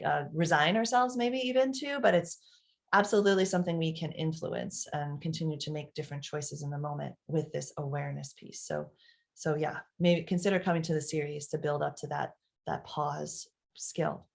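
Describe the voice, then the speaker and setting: Animated woman parenting coach. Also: on the low side. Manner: animated, acts out quotes, many fillers and restarts. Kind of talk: live online coaching talk.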